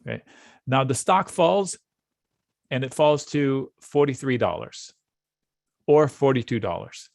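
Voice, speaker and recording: Animated man teaching options trading. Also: medium pitch, no echo, studio quality. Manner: lively, quick asides and rhetorical questions. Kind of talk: live teaching session with audience questions.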